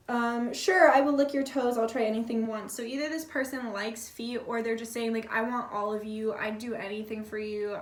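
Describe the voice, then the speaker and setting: A woman giving a casual pick-a-card tarot reading, chatty and blunt, swearing freely and filling her talk with "like.". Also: on the high side. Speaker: tarot reader. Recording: echoey room, voice a bit far from the mic.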